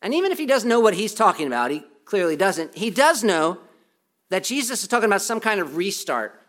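A man's voice: high voice, big pitch swings, brisk, a bit bright. A man preaching a sermon as pastor, emphatic and repetitive, with self-deprecating humor. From United States.

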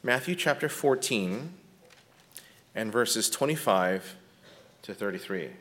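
A man teaching biblical counseling in a conversational lecture, often checking in with his listeners and speaking gently when he talks about compassion. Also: on the low side, expressive, slow pace. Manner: often checks in with a tag question "right?"; drops to a soft, gentle tone when describing compassion.

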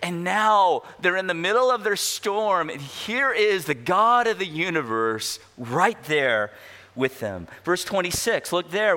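A pastor delivering an expository sermon, asking rhetorical questions and slowing down to stress key words. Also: male voice, high-pitched, lively intonation, sharp tone. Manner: emphatic, rhetorical questions, slows down for weight.

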